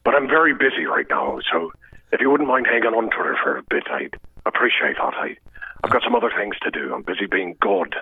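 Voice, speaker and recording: A man on a phone line imitating a gruff middle-aged action hero, low and half-whispered. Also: very animated, a little fast, dry recording. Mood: weary.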